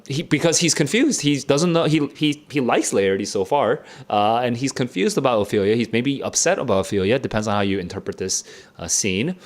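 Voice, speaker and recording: A man streaming a casual live reaction to a play, halting and excitable, laughing often as he talks it through. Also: mid-range voice. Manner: casual slangy commentary. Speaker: book club streamer.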